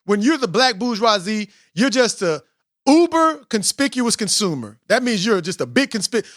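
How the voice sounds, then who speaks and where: A man in his forties hosts a casual podcast chat in a high, lively voice that leaps up and down. He talks with animation and quotes books at length. The sound is dry and close. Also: normal speed, dry recording. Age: 40s. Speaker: podcast host.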